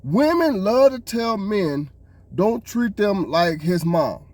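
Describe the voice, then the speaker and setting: Exasperated man ranting, lively pitch. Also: slow pace, dry recording. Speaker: podcast co-host. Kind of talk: casual reaction commentary.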